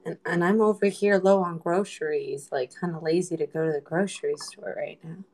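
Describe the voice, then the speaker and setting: A woman's voice: fairly low pitch, fairly even intonation, fairly quick, a little mellow. A young woman chatting casually on a livestream, rambling and joking with her viewers. She teases people in a playful way and drops Spanish slang between her English phrases. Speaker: livestream host.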